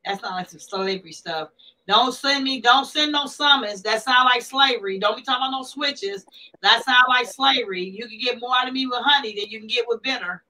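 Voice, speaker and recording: Woman on a livestream, bright voice, talks right back to the chat. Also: on the high side, fairly quick, low-quality recording. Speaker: livestream host.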